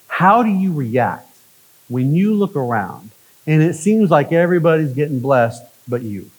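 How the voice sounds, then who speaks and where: A male pastor delivering a conversational sermon, often checking in with "right?" and swinging from emphatic lines to hushed ones. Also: on the high side, animated, measured pace, slightly rough, lo-fi sound.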